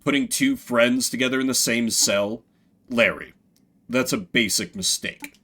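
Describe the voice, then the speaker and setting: A man's voice: mid-range voice, unhurried, sharp tone. A man voicing a smug, cold male stoat prison captain who speaks in a dry, menacing drawl.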